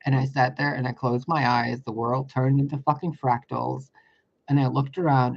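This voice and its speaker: A man casually telling a story to camera, animated and profane, laughing often as he talks. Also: medium pitch, creaky, husky, muffled recording. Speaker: spiritual vlogger.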